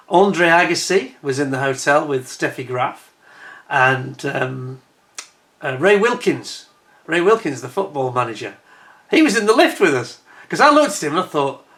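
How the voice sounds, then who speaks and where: A middle-aged British man and vlogger, with a rather high, bright, forceful voice, tells a rambling story over holiday photos. He's chatty, keeps correcting himself, and grows indignant when retelling complaints.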